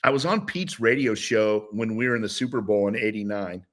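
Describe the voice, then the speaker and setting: A former football player in his sixties tells stories as a guest in a casual interview. His lowish voice moves a little fast, and he's animated, rambling and restarting often.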